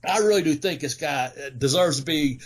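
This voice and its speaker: A man hosting a wrestling podcast, talking loosely and excitedly, swearing and laughing as he chats. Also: fairly high pitch, brisk. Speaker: podcast host, former pro wrestler. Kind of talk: casual podcast chat.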